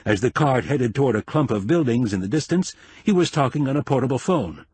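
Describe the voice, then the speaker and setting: A man narrating an audiobook in a measured, expressive storytelling manner. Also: mid-range voice, husky, dry recording.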